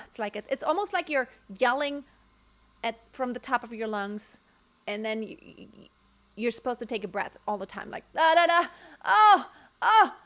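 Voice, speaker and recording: A woman vocal coach giving frank, emphatic casual commentary from home, now and then breaking into short sung demonstrations. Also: fairly high pitch. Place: home room near construction noise.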